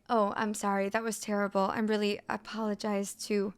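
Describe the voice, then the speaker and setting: A woman's voice: medium pitch, flat delivery, brisk, clean tone. A woman hosting a reading show who reads posts aloud and comments with sarcasm, laughing often. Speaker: host reading online posts.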